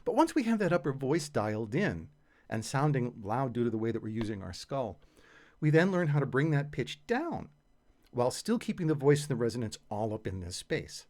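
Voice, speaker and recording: Male singing teacher with lively intonation. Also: medium pitch. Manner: conversational, explains patiently with casual fillers. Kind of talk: explanatory voice lesson.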